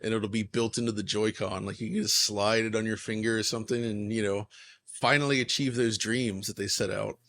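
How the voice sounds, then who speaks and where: A man's voice: on the low side, fairly even intonation, brisk, fairly bright tone, a little hiss or hum. A man co-hosting a casual panel chat about games, talking in long run-on thoughts. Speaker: co-host.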